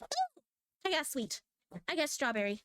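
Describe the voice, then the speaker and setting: A woman, a manga artist, chatting in a rambling, playful way while she draws. She giggles, mocks herself and breaks into squeaky exclamations, speaking into a desk microphone at home. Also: wildly swooping pitch, normal speed, background noise. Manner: giggly, scatterbrained, playful, self-mocking. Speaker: manga artist drawing on stream. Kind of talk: rambling casual chat while drawing.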